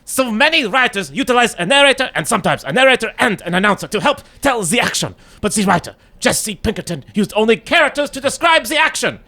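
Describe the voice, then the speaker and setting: Lively high-voiced man, dry podcast host. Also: fast talker, few pauses. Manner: reluctant, dry, then a put-on Western drawl. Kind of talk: casual chat and audio drama acting.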